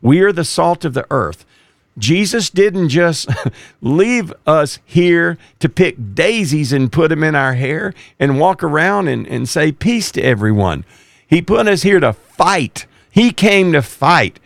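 Lively preacher guy, gravelly voice, dry close sound, gets forceful. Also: on the high side, slow pace, no room sound. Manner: emphatic, rising to forceful exhortation. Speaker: preacher and radio show host, former police officer. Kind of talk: preaching talk.

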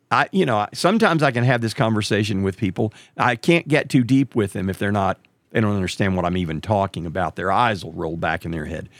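Gravelly man telling a story. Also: no echo. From Texas. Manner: animated, jumps way up in pitch when quoting others. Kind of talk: casual storytelling monologue.

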